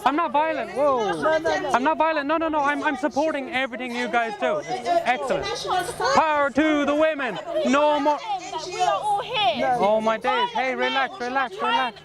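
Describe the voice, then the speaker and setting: A man's voice: very high-pitched, normal speed. A man at a street protest, mocking and defensive, telling people to relax. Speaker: passerby confronted at a street protest. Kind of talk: heated street argument. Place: outdoors on a busy street. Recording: loud crowd noise outdoors. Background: loud crowd.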